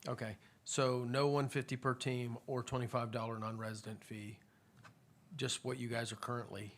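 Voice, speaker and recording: A man's voice: medium pitch, level tone, normal speed. A man chairing a city council meeting, calling up public speakers with brief, easygoing replies.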